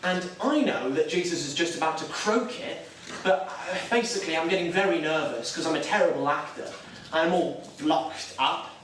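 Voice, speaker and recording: A man's voice: on the high side, moderate pace, a bit bright, a little hiss or hum, natural voice. An actor playing a nervous, self-doubting young Catholic man, talking in a hesitant, wry, self-deprecating way in a stage drama. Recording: echoey room, mic far off.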